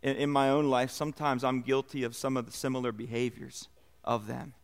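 A man preaching a sermon, with expressive delivery that swells and drops in volume for emphasis. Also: mid-range voice, a little fast, gravelly. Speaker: pastor.

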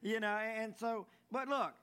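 A man's voice: sits high, steady tone, moderate pace, sharp tone, clear, resonant tone. A man preaching a folksy sermon, stumbling over and repeating words as he tells jokes. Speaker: pastor.

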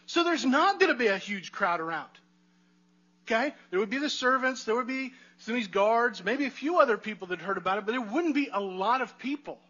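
A man's voice: very high-pitched, expressive, fairly quick, bright, forceful tone, highs cut off. A man preaching a sermon in a conversational way, asking the congregation rhetorical questions. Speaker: pastor.

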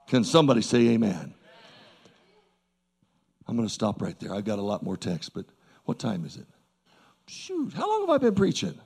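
A man preaching a sermon to a congregation in a church service, folksy and animated, with emphatic repeats and asides to the crowd. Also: mid-range voice, brisk, gravelly, pauses often, slightly rough.

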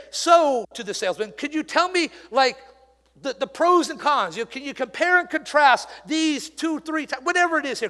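A middle-aged man preaching a sermon in a church, conversational and animated, with asides to the congregation. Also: very high voice. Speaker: pastor. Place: church sanctuary. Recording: reverberant church hall.

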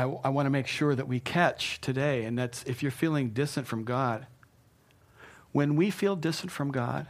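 A male pastor giving a conversational sermon, acting out scripture voices and dropping to a hush at key points. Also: mid-range voice, breathy edge. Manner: conversational preaching, acts out quotes, drops to a hush for emphasis.

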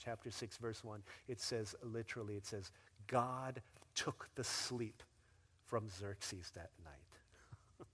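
A male pastor preaching a sermon in a lively, casual storytelling manner with slang. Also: mid-range voice.

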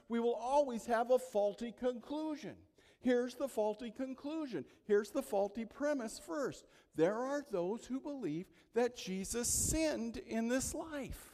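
Male pastor preaching, high voice, big hall reverb, shifts from hushed asides to loud emphasis. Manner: preaching with swings between soft asides and loud emphatic peaks. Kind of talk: sermon.

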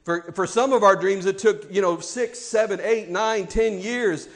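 A male pastor preaching with a high voice. He drives his points home with emphatic, repeated phrases that build toward each line's close. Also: a little slow. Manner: emphatic, repetitive preaching cadence. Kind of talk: sermon.

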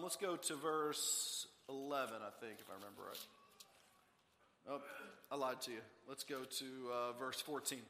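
A man preaching a sermon as pastor, earnest, swinging between loud emphasis and hushed intimate passages. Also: fairly high pitch. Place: church sanctuary. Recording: long reverb of a large hall.

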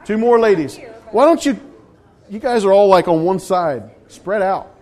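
A man's voice: high voice, animated, normal speed, a little mellow. A man leading a casual sermon as pastor, playful and teasing with the congregation. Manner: playful, teasing, loose with restarts.

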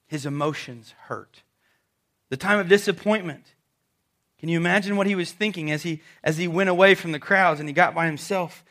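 A man preaching a sermon to a congregation, telling the story dramatically and dropping suddenly to a soft voice. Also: a little high, moderate pace. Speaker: pastor. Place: church service before a congregation.

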